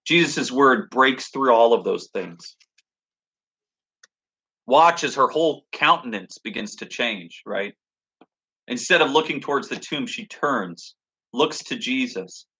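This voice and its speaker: A man's voice: medium pitch, animated, measured pace, bright, forceful tone. A man preaching a sermon, reading scripture aloud and reflecting on it in an earnest, thoughtful way. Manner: earnest, reflective, reads scripture then expounds.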